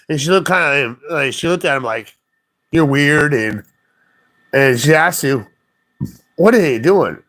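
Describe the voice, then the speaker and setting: A man in a casual chat, telling a story in a rambling, profane, animated way and acting out what other people said. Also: a little high. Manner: rambling, profane, animated retelling with quoted voices.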